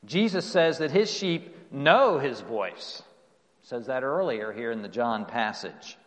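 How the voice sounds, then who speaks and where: A man preaching a sermon earnestly, asking rising questions and letting phrases fall away softly. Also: medium pitch, lively intonation, slow pace. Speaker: pastor. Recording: long reverb of a hall.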